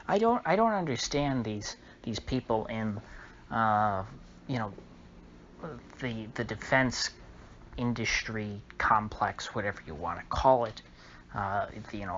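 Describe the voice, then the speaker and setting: A man delivers a solo commentary monologue, halting and restarting as his indignation builds. His middle-pitched voice comes through a slightly dull, muffled recording. A faint noise floor sits under his words. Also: a bit bright. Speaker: channel host.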